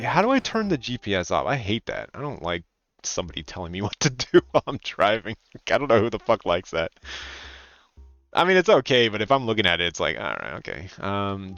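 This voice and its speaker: A man from California chatting casually and swearing freely while streaming a game, now and then slipping into loud mocking voices. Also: lowish voice. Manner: animated, profane, slips into loud mocking voices. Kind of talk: casual gaming commentary.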